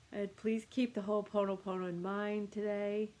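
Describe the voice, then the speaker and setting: A woman leading a guided meditation with calm, soothing, gentle instructions. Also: mid-range voice, moderate pace, few pauses.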